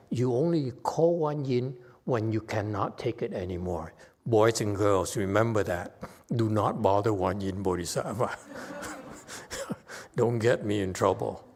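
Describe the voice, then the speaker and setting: A man's voice: fairly low pitch, breathy edge. A man giving a Dharma talk as a meditation teacher, chatty and teasing, often checking in with his listeners.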